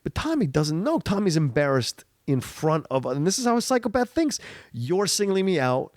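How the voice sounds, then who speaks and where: A man's voice: fairly high pitch, big pitch swings, normal speed, a little mellow, dry recording, studio quality. A man co-hosting a casual film discussion, talking emphatically and backing up his partner with frequent agreement. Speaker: podcast co-host.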